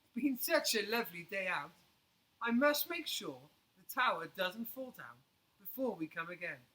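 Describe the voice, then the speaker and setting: A man's voice: sits high, sing-song, moderate pace, sharp tone, heavily acted, rough recording. A man voicing a polite, earnest young male bear in a children's storybook reading.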